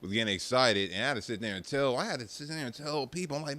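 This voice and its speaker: Profane, animated man with a bright voice. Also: mid-range voice, quick pace, few pauses. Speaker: streamer talking about arcade rhythm games. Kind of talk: casual rant to viewers.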